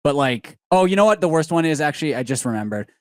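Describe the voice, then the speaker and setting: A man's voice: a little high, animated, quick pace, dry recording. A man co-hosting a casual comedy podcast, rambling, with frequent fillers and restarts. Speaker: podcast co-host.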